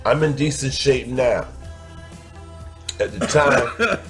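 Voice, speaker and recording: A man's voice: medium pitch, takes it slowly, a bit bright, soft background music. A man telling a crude personal story, blunt and profane, stretching out words for emphasis.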